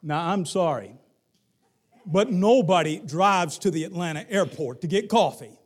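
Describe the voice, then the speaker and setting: A middle-aged man with a Southern accent preaching a sermon, moving from hushed lines to shouted ones. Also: high voice, animated, unhurried. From Southern United States. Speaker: pastor.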